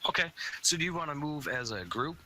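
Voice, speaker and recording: Bright-voiced male game master. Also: fairly high pitch, lively intonation. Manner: halting, full of fillers. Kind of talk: running a tabletop game online.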